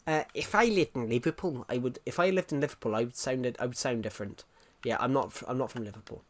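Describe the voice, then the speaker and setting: A man's voice: mid-range voice, fast talker. Young English man rambling on stream. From England. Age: young adult. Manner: rambling, reads chat aloud, swears casually. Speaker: live streamer. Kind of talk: casual live-stream chat.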